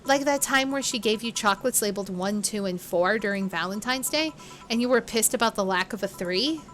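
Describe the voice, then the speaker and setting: A woman streamer voicing a gentle, awkward young woman bartender who stammers a little, with faint game music behind. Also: on the high side, close to an everyday voice.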